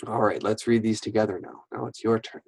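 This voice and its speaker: A man teaching a phonics lesson to young children, reading words slowly and patiently one at a time. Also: fairly low pitch, steady tone, creaky, breathy edge, no echo, poor audio.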